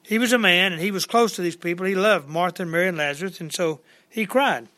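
A man preaching to his congregation in a high, bright voice, working through scripture verse by verse. He talks plainly and conversationally, retelling the old words in everyday speech. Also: fast. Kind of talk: folksy verse-by-verse sermon. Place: church service with congregation.

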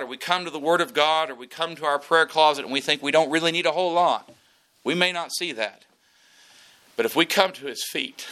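Bright-voiced preacher. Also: male voice, on the high side, fairly quick. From South Mississippi, US. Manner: earnest, repetitive, building to loud emphasis. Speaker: pastor. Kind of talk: sermon.

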